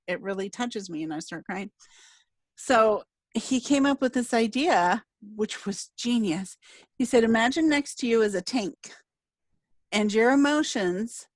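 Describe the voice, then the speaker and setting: A woman's voice: medium pitch, no echo. A middle-aged woman hosting a casual interview, telling a heartfelt story in an earnest, emotional way. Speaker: podcast host and speaker.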